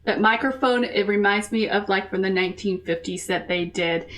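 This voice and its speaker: A middle-aged American woman hosting a reaction video. She gushes in a chatty, casual way, with quick asides and giggles. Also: mid-range voice. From United States. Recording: distant mic with faint music behind.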